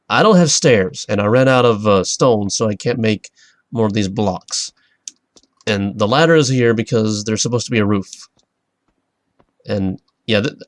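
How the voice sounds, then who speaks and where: A man's voice: medium pitch, dry recording. Rambling man narrating his gameplay. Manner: rambling, excitable, self-interrupting. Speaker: let's play host. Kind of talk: casual gameplay commentary.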